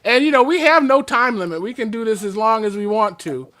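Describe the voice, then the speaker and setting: A radio talk show host who chats casually, laughs often and steers the conversation. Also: medium pitch. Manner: slow, lively and laughing.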